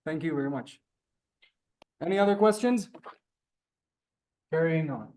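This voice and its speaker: A man teaching a live beginners' Hebrew class, halting and repeating words, polite to his students. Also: fairly high pitch, animated, a little mellow.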